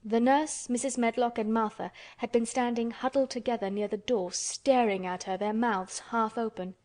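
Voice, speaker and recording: A woman narrating an audiobook in a steady, measured way. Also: fairly high pitch. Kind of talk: scripted narration.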